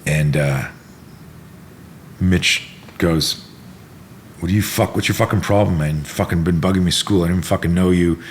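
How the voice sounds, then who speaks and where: A middle-aged man who teaches self-defense speaks in a low voice at a normal speed, pausing often, with a slight hiss or hum in the background. He's a lively storyteller in a casual interview, acting out what people said and swearing freely.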